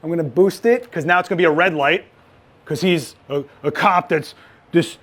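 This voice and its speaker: A man running a live photography lighting demo, chatty and joking, with quick asides. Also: fairly high pitch, a bit bright. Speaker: photography instructor.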